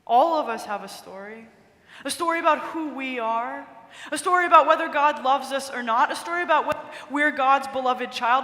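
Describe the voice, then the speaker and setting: A woman preacher telling a story in a conversational, expressive sermon, recorded in a large cathedral with echoey reverb. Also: sits high.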